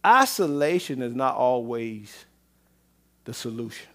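A man preaching a sermon as pastor, swinging between loud exclamations and low murmurs, with repeated call-outs to the congregation. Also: very animated, a little slow. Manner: repetitive call-and-response phrasing.

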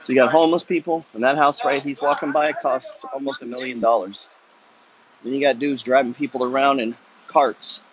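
A man's voice: mid-range voice, fairly even intonation, a little fast, dull audio, a little hiss or hum. A man ranting bluntly and profanely while walking city streets, preaching a motivational walk-and-talk monologue. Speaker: vlogger. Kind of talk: walking-and-talking motivational rant.

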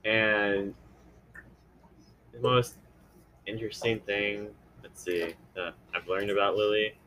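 A young man chatting casually in a group, playful and pausing to think. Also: fairly low pitch, little pitch movement, pushed and bright, slight background noise, poor audio. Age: young adult.

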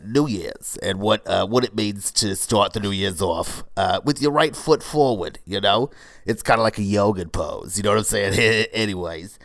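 A brash woman in her forties who runs a struggling cold-yoga studio, voiced by a man without much change to his own voice rambles through a comedy monologue. The voice sits fairly low and is recorded dry, with no room sound. She stumbles over "uh" and "you know" and drops crude remarks in a flat, matter-of-fact way. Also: no room sound.

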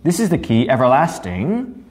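A man's voice: mid-range voice, huge pitch swings, normal speed, a little mellow. A man, a pastor, giving a devotional Bible teaching, earnestly asking rhetorical questions and often adding "right?" while he repeats key words for emphasis. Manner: asks frequent rhetorical questions, tagging 'right?'.

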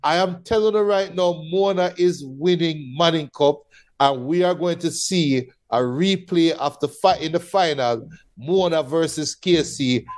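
A man with a Jamaican accent on a sports show panel, making boastful, playful predictions in casual chat. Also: on the high side.

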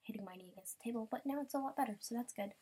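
A young woman, rambling and bubbly as she chats casually over a game, breaking into sudden excited squeals. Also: a little high, rapid-fire. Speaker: gamer podcaster. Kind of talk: casual gameplay commentary.

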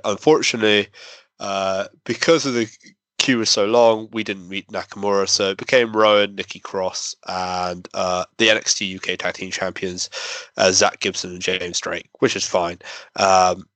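A man's voice: lowish voice, fairly bright tone, no room sound. A man telling a rambling, self-deprecating story in a casual chat. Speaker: podcast co-host.

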